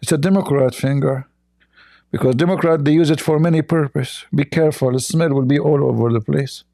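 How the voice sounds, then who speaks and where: A man delivers sarcastic reaction commentary in a mocking, scornful tone, rambling along with broken grammar. His voice sits a little high for a man. The tone is dark and mellow. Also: a little fast, creaky.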